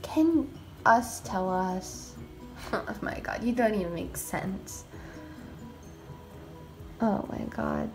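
A woman hosting a game roleplay video, talking casually and excitably as a mom, with frequent exclamations. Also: mid-range voice, extremely slow, pauses often, soft background music.

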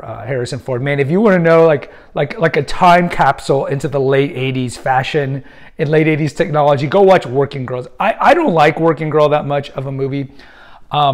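A medium-pitched man in his fifties hosts a podcast, offering casual, opinionated film commentary. He rambles, often restarting and using fillers.

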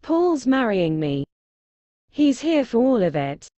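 A woman's voice: fairly high pitch, big pitch swings, slow, mellow, no echo. An actress in her thirties playing a self-assured mother who always has a comeback, in a TV drama. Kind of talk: TV drama acting.

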